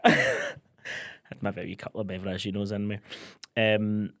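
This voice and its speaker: Scottish man, young adult, podcast co-host, jokey chat, low-pitched, dry close sound. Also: steady tone, unhurried, fairly bright tone, dry recording. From Scotland. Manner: chatty, jokey, acts out quoted exchanges. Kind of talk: casual chat.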